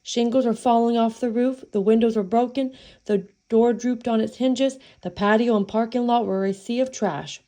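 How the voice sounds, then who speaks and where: Woman storyteller, mellow tone, folksy playful read-aloud of a children's tale. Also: a little high, fairly even intonation, normal speed.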